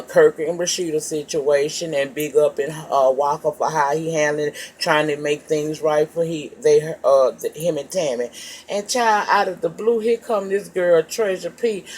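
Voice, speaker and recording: A woman recaps a reality show episode in a casual, gossipy way, swearing freely and calling her listeners child and baby as she tells it with animation. Her voice is deep, with a little hiss or hum in the background.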